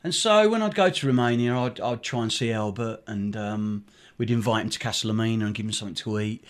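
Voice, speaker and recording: A man's voice: on the low side, a little fast. A middle-aged man, a charity director, telling a story in an interview in a rambling way with many fillers and restarts. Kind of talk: conversational storytelling.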